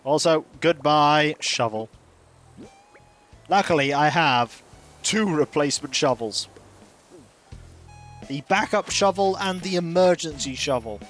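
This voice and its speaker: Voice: mid-range voice, animated, takes it slowly, pauses often, a bit bright, faint music behind. A streamer giving casual, joking commentary while playing a game. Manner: dry, joking asides.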